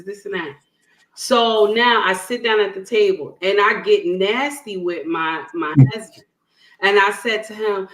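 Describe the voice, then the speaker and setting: On an online panel, a woman with a medium-pitched, slightly bright voice tells a personal story at a somewhat slow pace. She speaks emphatically, checking in with "okay?" and "right?", and the recording has a roomy echo.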